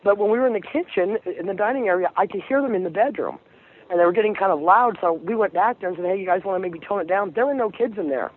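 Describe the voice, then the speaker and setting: A woman calling in to a radio show, telling her story earnestly with frequent fillers and pauses. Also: mid-range voice, lively intonation, slightly rough. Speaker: caller. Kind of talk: call-in storytelling. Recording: phone line with faint hiss.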